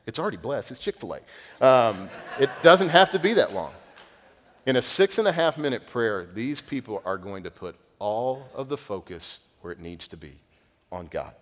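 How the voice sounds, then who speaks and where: A young adult man preaching a sermon as a pastor, talking casually and telling stories with lively bursts, then dropping to quiet emphasis. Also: mid-range voice, moderate pace, big-room sound. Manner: conversational, animated storytelling with sudden quiet emphasis.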